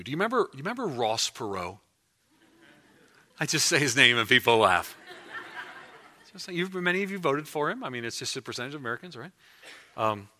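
Animated preacher with a bright voice. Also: male voice, medium pitch. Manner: animated, emphatic, often restarts phrases. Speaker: pastor. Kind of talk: sermon. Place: church before a congregation.

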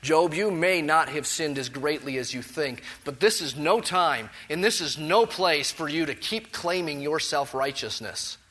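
Male preacher, bright and fairly high voice, emphatic expository sermon style, swings between loud rhetorical questions and quiet reflection. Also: animated, unhurried, hardly any pauses. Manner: drops to soft reflective tone.

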